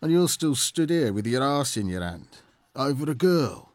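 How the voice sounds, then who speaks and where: A man's voice: medium pitch, sing-song, normal speed, dry recording, lightly acted. An actor with a Birmingham accent playing a loyal, earnest Greek warrior who pleads with his friend in a radio drama. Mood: urgent.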